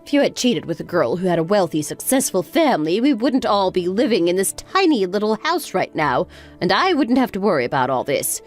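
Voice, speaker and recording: A woman's voice: mid-range voice, sing-song, fairly quick. A woman playing a spiteful older mother-in-law. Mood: mocking. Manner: sarcastic, scolding. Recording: faint background music.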